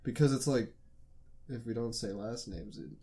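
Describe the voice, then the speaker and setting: A man's voice: medium pitch, moderate pace, mellow. A young man co-hosting a casual podcast, laid-back and teasing, laughing often. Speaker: podcast co-host. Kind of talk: casual chat.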